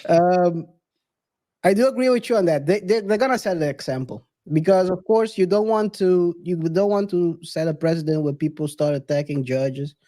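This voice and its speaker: A man's voice: high voice, moderate pace, warm tone. A man co-hosting a casual discussion show, cutting in with laughing asides. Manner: interjecting, laughing asides, apologetic. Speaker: podcast co-host. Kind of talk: casual chat.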